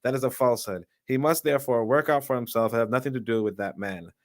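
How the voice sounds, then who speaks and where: A man's voice: medium pitch, fast talker, no room sound, close to an everyday voice. A man voicing a fiery 19th-century activist orator in a put-on Jamaican accent, declaiming with emphasis.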